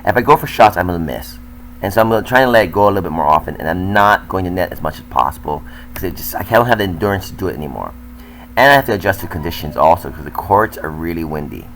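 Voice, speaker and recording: Low-voiced older man, self-critical commentary. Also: expressive, fast talker, a bit bright, a little hiss or hum, rough recording. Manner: candid, self-critical, conversational. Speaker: tennis coach. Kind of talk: voice-over commentary on his own match footage.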